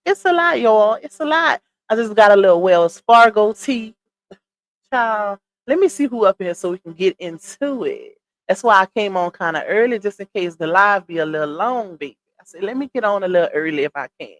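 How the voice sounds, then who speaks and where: A woman's voice: mid-range voice, expressive, moderate pace. A woman hosting a casual livestream, chatty and greeting her viewers by name, a little winded from a cold. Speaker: livestream gossip host. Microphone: computer streaming setup.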